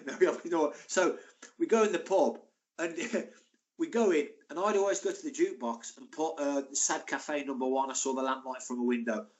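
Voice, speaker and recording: A man, a former footballer telling lively anecdotes as a podcast guest. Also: on the high side, normal speed. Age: 60s. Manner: animated, laughing anecdotes. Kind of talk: casual storytelling.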